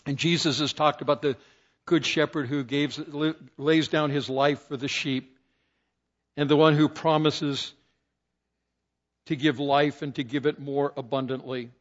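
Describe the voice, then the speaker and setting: A man's voice: fairly high pitch, steady tone, a little slow, dull audio. An older man preaching a sermon, telling stories and quoting scripture with rising emphasis. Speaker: pastor.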